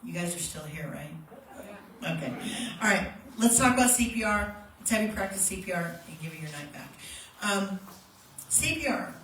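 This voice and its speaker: A woman's voice: medium pitch, expressive, moderate pace. Woman CPR instructor, practical and demonstrative, handheld mic a bit off, roomy space with faint background hum. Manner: plain, practical, demonstrative teaching with acted-out shouts. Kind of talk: hands-on first aid workshop. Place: workshop room with a live group. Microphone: handheld microphone. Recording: echoey room, mic held at a distance, faint ambient noise.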